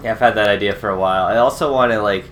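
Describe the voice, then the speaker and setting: Young male co-host, lowish voice, loose rambling chatter with steady fillers. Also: very fast, a little hiss or hum. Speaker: podcast co-host. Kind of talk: casual chat.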